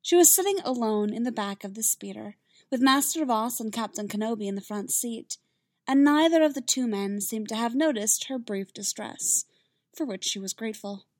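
A woman reading fan fiction aloud in a steady, measured narration. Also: fairly high pitch, no room sound, studio quality. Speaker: reader.

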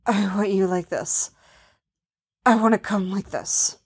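A hardened male bounty hunter, gruff and halting, his words coming out as rough, broken pleas, as a woman narrator voices him. His delivery is slow and lingering in a middle register. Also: medium pitch, steady tone. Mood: pleading. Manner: halting, pleading, rough with curses.

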